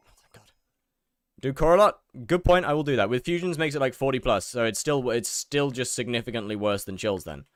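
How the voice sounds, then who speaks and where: A man's voice: mid-range voice, brisk, no room sound, clean studio sound. A young man chatting casually while he streams a game, rambling, repeating words and answering his chat.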